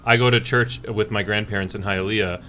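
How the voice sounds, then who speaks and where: Bright-voiced man telling animated stories. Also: lowish voice, a little fast, a little hiss or hum. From Ohio, of Cuban family. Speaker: podcast co-host. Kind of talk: casual chat.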